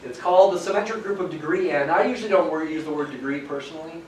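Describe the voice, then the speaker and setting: A man's voice: a little high, quick pace. Male lecturer in an echoey classroom. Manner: explanatory, stresses key words. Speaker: math professor. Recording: echoey classroom from some distance, faint hiss.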